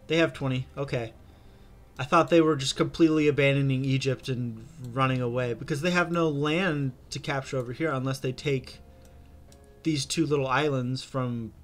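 A young man hosting a gaming channel, chatting casually through a strategy game with lots of fillers and restarts. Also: medium pitch.

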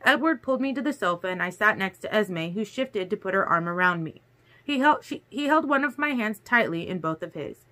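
Bright-voiced woman reading a novel aloud. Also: medium pitch, lively intonation, fairly quick. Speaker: audiobook reader. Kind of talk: first-person novel narration.

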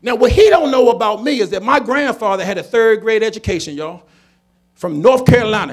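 High-voiced husky man. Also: lively intonation, fairly quick. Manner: preachy, emphatic, builds to shouting. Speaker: comedian. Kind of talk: storytelling talk to a conference audience.

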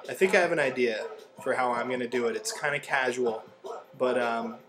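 A young man in a deadpan, casual comedic style, giving mock how-to advice as the host of a comedy video. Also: medium pitch, a little fast, over music.

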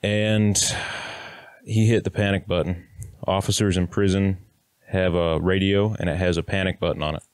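A man's voice: low-pitched, fairly even intonation, normal speed, smooth, no echo. A man in his thirties telling a personal story to camera in a blunt, plainspoken way, now and then swearing and acting out what people said. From Kansas, United States. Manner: blunt, plainspoken, occasional swearing, acts out quotes.

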